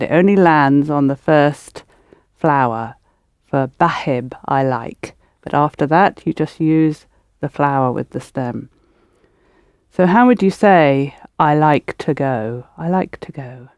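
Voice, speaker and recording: A woman's voice: low voice, a little mellow, clean tone, dry recording. Woman language tutor, patient step-by-step explainer, dry studio sound. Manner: explains step by step, coaxing learners to repeat. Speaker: language teacher. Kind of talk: patient spoken-method language lesson.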